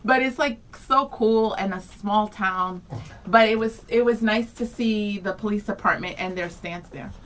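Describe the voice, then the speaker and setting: A woman's voice: medium pitch, measured pace, fairly bright tone, far from the mic, rough recording. A woman co-hosting a morning radio show, chatting in a bubbly, enthusiastic way with lots of fillers. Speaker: radio co-host. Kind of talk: casual radio chat.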